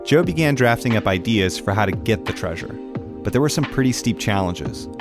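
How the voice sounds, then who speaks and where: A man narrates the story in a measured, explanatory, scripted delivery. His voice sits a little low. Guitar music plays clearly beneath him. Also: expressive.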